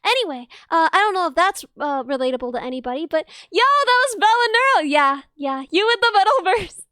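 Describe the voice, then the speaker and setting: A young adult VTuber streamer, not Australian, chats casually with viewers while reading chat, excitably gasping and squealing at messages and rambling through asides. Her voice is extremely high and fairly quick, in a dry, clean studio recording.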